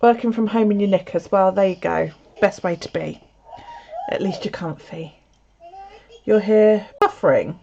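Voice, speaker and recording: Woman, casual stream chat, swears often, mid-pitched voice, muffled lo-fi sound. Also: unhurried, vocal fry, pauses often, mellow, slight background noise. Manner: chatty storytelling, swears freely. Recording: slightly dull lo-fi audio.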